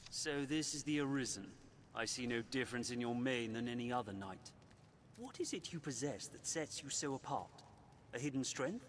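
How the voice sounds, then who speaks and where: An actor playing a doubtful knight who asks probing, challenging questions. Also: male voice, mid-range voice, lively intonation, moderate pace, a little hiss or hum, close to an everyday voice. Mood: skeptical.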